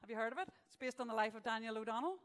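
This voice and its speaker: A woman's voice: on the high side, rapid-fire, fairly bright tone, in a large hall. A woman hosting a live awards event, joking with the crowd between announcements. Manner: jokey, chatty, tells gags with punchlines. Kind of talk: live stand-up style hosting. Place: event venue stage.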